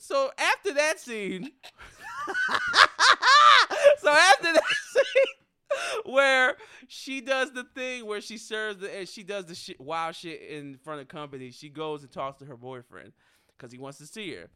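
A young man co-hosting a podcast, talking casually about a film, swearing a lot and often bursting into loud laughter. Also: high voice, expressive, normal speed, clean tone, dry recording. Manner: profane, breaks into loud laughter. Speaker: podcast co-host reviewing a film. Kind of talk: casual chat.

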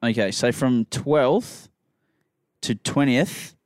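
A man's voice: medium pitch, animated, takes it slowly, no echo, clean studio sound. A man, hosting a casual podcast chat and rambling enthusiastically about sport. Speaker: podcast host.

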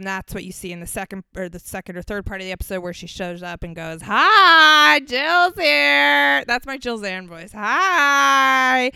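Bright, sharp tone and very crisp, smooth delivery. This woman hosts a podcast in relaxed chat and recaps quickly with playful asides. The sound is close and dry. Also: medium pitch, no room sound. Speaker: podcast host. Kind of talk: casual chat.

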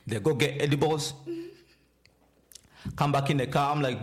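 A man's voice: medium pitch, moderate pace. A man co-hosting a podcast, telling a story in casual chat, swearing freely and repeating phrases. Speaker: podcast co-host.

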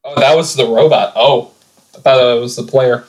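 Man trading quick dry quips. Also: medium pitch, fairly even intonation, a little mellow, poor audio. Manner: short reactive comments and dry quips. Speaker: podcast co-host. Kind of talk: casual chat.

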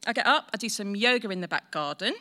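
A woman's voice: mid-range voice, lively intonation, quick pace, pushed and bright. A woman in her forties telling a personal story in a chatty, self-deprecating way. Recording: long hall reverb.

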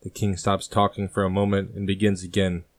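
A man quietly narrating a historical story in an even reading voice. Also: low voice, fairly quick, no room sound, clean studio sound.

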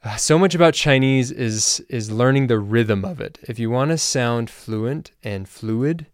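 A man hosting a language-learning podcast, explaining things in a relaxed, casual way with loose fillers. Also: mid-range voice, a little slow, no echo, studio quality. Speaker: language teacher and podcast host. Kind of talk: casual spoken lesson.

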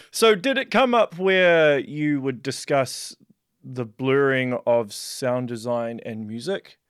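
A man's voice: medium pitch, slow, smooth, no room sound. Guy hosting a podcast interview, mid voice, chill, says yeah a lot, dry sound. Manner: relaxed, brief agreeing interjections. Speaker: podcast host. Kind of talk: casual interview questions.

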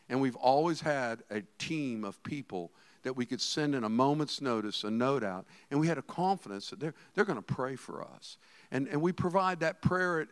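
A middle-aged man preaching a sermon as a pastor, animated, swinging between hushed asides and shouted emphasis. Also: fairly high pitch, clean tone.

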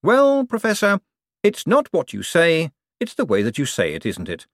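A man voicing a confident, smooth-talking male conman in an audiobook, breezy and persuasive. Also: a little high, wildly swooping pitch, moderate pace, no echo, clean studio sound, pitched above the performer's own voice.

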